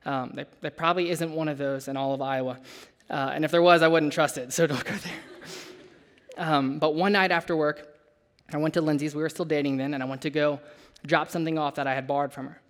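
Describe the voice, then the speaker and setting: A young adult man preaching a sermon, telling a personal story in a conversational, animated way with asides to the listeners. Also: fairly high pitch, fast.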